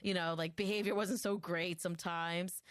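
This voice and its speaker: A woman's voice: lowish voice, moderate pace, no room sound, clean studio sound. A woman co-hosting a podcast, chatting casually and playfully acting out her family's voices. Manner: animated, playful, acts out family members' voices. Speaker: podcast co-host. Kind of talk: casual chat.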